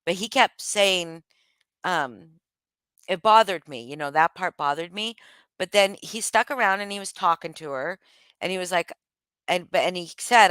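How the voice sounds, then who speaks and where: A woman's voice: fairly low pitch, normal speed, a bit bright, smooth, dry recording. A woman vlogging in a casual, rambling monologue, speaking candidly with frequent swearing and many restarts.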